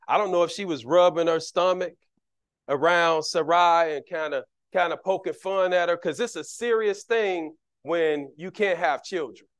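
Middle-aged deacon, high-pitched, conversational preaching style, acts out the voices in his stories. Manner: animated, jumps between loud and soft, acts out quoted voices; conversational, repeats words while building a point. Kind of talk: sermon with personal stories.

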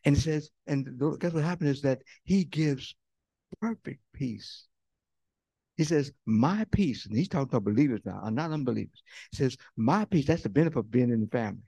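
A man preaching a sermon as pastor, talking conversationally and swinging from loud bursts to hushed near-whispers. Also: medium pitch, lively intonation, fairly quick, vocal fry, husky, no echo. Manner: conversational preaching with fillers and quoted voices.

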